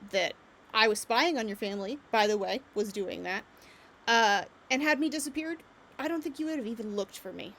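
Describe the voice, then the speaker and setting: A woman gives voice to a sharp-tongued former lady's maid in a tabletop game. She scolds and lectures steadily, with no softening. There is a faint hiss behind her. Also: a little high.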